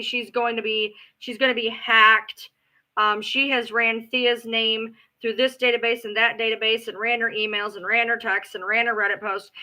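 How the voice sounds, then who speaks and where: A middle-aged woman telling a long, sarcastic, profane story on her livestream. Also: on the high side. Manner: animated, profane, sarcastic gossip with acted-out quotes. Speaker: livestream host.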